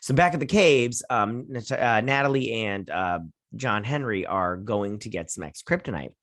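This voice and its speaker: A man with a somewhat low voice hosts a casual TV review show. He recaps the episode in a chatty, sassy way, retelling every scene as "she's like, he's like." The sound is dry and close. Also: animated, normal speed, fairly bright tone, no echo. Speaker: TV review host.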